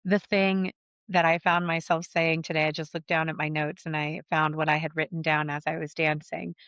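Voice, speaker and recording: A woman's voice: low voice, level tone, moderate pace, fairly bright tone, clean tone, no echo. A woman podcast host and life coach talking through a solo episode in a candid, conversational way, blunt and willing to swear. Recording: dull, slightly muffled dry recording.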